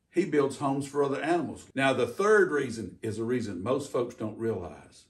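An older man, a retired game warden giving a folksy, animated talk about wildlife for kids. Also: mid-range voice, far from the mic.

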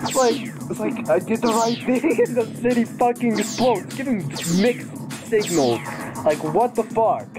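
A woman's voice: on the high side, expressive, measured pace. A woman giving casual let's-play commentary, swearing, laughing and rambling playfully. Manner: profane, giggly, rambling and playful. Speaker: gaming commentator. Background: game music.

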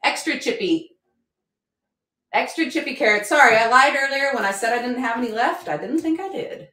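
A chatty, upbeat woman runs a live auction stream, her voice bright in pitch and bouncing all over the place. She jokes as she sells, and the room around her rings with a noticeable echo. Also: expressive, brisk. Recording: roomy echo.

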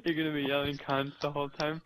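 A man's voice: on the high side, steady tone, quick pace, fairly bright tone, rough recording. A man bantering casually with friends while playing a video game, teasing and laughing often. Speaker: co-player.

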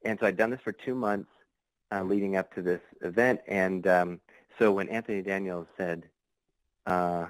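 A man's voice: deep voice, steady tone, moderate pace, dry recording, low-quality recording. A man, a podcast guest, telling a long story in a casual, rambling way, full of fillers and restarts. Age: adult.

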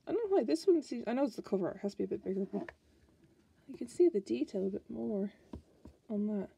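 A woman's voice: medium pitch, lively intonation, quick pace, vocal fry, warm tone, a little hiss or hum. An Irish woman chatting casually as she flips through a card deck, musing aloud and restarting her sentences. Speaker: tarot card reviewer.

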